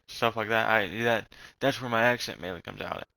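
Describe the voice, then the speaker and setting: Ranting young man, bright tense voice. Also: fairly low pitch, fairly quick, creaky, no echo, poor audio. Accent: slight Southern US. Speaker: vlogger. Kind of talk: rambling casual rant.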